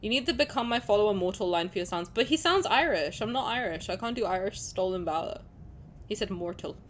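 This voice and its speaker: A young streamer with a mid-range voice reads out a story game's narration, speaking a little fast over slight background noise. She reacts in a chatty, animated manner and laughs a lot.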